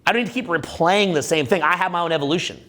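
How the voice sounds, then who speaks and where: On stage at a live seminar, a dating coach in his forties races along in a slightly high voice. He keeps it animated, profane and conversational, repeatedly asking "right?".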